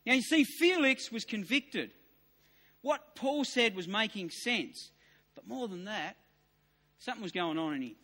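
High, bright-voiced preacher. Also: male voice, expressive, unhurried, long pauses. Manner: emphatic and repetitive, rising to near shouts. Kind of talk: sermon. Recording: long reverb of a large hall.

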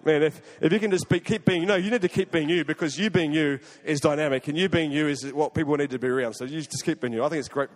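Fast-talking Australian man preaching. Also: a little high. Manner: animated, conversational, jumps between loud and hushed. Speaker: guest preacher. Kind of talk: sermon with storytelling. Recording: long hall reverb.

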